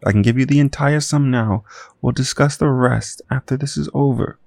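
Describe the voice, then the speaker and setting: A man's voice: medium pitch, moderate pace, creaky, a little mellow, no echo, voice pushed up, natural voice. A man voicing a wealthy Hollywood man who talks with urgent worry in an audio drama.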